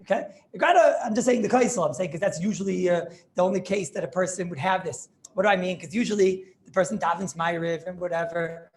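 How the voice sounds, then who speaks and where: Chatty high-voiced man teaching a class. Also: fast talker, few pauses. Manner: animated, chatty, checks if students understand. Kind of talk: informal Torah class.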